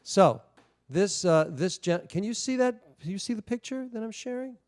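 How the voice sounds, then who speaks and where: Brief: male rabbi on video call, smooth tone, chatty asides. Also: high voice, animated, darkish tone, no room sound. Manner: halting asides with restarts. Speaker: rabbi leading a service. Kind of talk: liturgy reading and casual storytelling.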